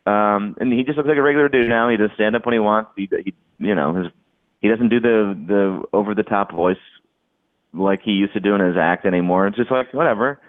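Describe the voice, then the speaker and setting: A man's voice: on the low side, fairly quick, no room sound. A man chatting casually on a podcast, rambling with lots of restarts and "like"s. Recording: dry, tinny phone-like line.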